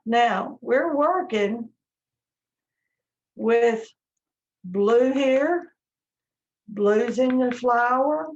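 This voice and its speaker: Slow gentle woman teaching painting. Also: on the high side. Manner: slow, gentle step-by-step instruction. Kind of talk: live online painting lesson. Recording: dull lo-fi stream audio.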